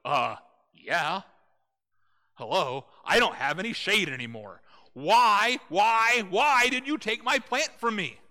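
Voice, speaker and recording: A man voicing the prophet Jonah as a petulant, complaining man with shrill outbursts. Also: lively intonation, slow pace, pushed and bright, in a large hall, full character voice. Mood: exasperated.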